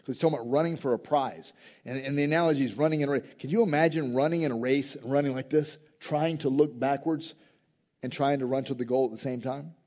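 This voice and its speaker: A man preaching a sermon in a casual, conversational way, swinging from loud emphasis to quiet intensity. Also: medium pitch, fast talker, highs cut off. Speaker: pastor.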